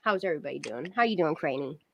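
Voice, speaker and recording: A woman hosting a casual livestream, chatty and greeting her viewers in quick bursts. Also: sits low, animated, gravelly, crowd noise. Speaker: livestream host.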